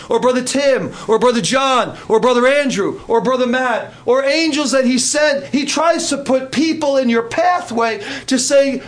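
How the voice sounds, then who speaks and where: An older man preaching a sermon in an animated, dramatic way, swinging between loud outbursts and hushed passages. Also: extremely high pitch.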